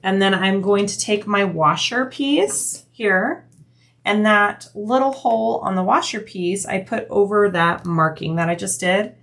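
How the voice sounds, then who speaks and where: A woman's voice: mid-range voice, unhurried, fairly bright tone. A woman hosting a bag-making tutorial, chatting casually as she explains each step while she works.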